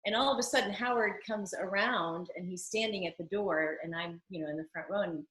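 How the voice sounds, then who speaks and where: A woman tells a story as an interview guest, animated and emotional, her voice rising and falling with feeling. She talks over a video call, and her sound carries a noticeably roomy echo. Her pitch sits in an ordinary middle range for a woman. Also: a little fast. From United States. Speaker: interview guest, singer and actress.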